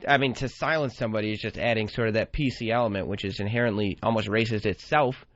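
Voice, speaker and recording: A man's voice: on the low side, steady tone, fast, no echo. A man hosting a radio show, earnestly arguing his opinion. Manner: earnest, argumentative. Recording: dry, dull broadcast sound.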